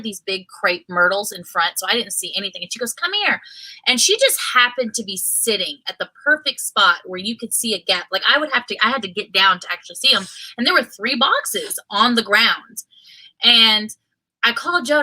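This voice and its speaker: Woman, 30s, livestream co-host; bright, high-ish voice, animated storyteller. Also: low-quality recording. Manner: animated storytelling with excited outbursts. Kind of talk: casual livestream chat.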